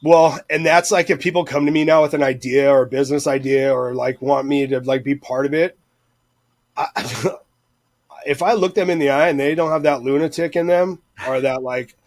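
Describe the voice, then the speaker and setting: Casting: man with a slightly raised pitch, swearing, rambling podcast talker. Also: moderate pace, dry recording. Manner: profane, rambling, intense. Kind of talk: casual podcast chat.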